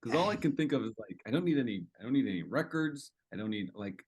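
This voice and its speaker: An easygoing man chats on a podcast, asking questions and teasing his co-host. His pitch sits in an ordinary middle range, and his delivery is relaxed and conversational. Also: fast talker, slightly rough. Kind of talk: casual chat.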